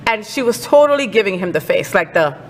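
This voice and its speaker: A woman's voice: mid-range voice, big pitch swings, a little fast, big-room sound, a little hiss or hum. A woman hosting a casual entertainment news chat, sassy and outspoken. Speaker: host.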